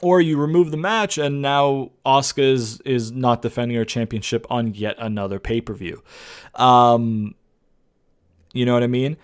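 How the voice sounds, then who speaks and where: A man's voice: mid-range voice, moderate pace, smooth. A young man giving a rambling, exasperated rant reviewing a wrestling show, swearing often and restarting his sentences.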